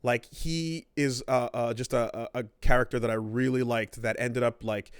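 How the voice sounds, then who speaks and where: This is a man co-hosting a casual gaming podcast, rambling and swearing as he acts out characters' lines. His voice is smooth and resonant. The sound is dry and close. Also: medium pitch, steady tone, moderate pace, dry recording. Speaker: podcast co-host.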